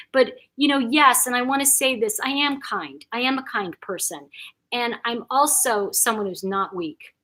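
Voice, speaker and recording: An older woman hosting a casual live chat, reading viewer comments aloud, chatty and quick to laugh. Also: fairly high pitch. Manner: warm, chatty, reacts to comments, laughs often.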